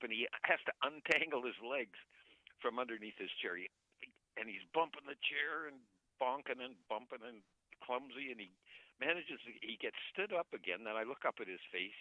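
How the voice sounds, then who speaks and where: Caller, male, lively rambling storyteller, bright forceful tone, faint radio hiss. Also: fairly low pitch, low-quality recording. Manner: rambling, animated storytelling with repeated restarts. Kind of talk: late-night call-in storytelling. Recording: radio broadcast with faint noise.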